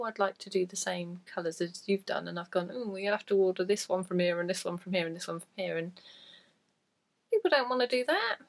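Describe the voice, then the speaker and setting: A gravelly, lowish female voice belongs to a crafting podcast host who rambles casually and jokes at her own expense. She still has a lingering cough from a cold.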